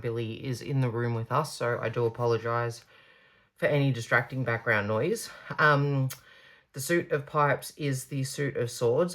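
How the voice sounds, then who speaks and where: A woman giving a pick-a-card tarot reading, gushing and reassuring, stretching out her emphatic words. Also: very deep voice.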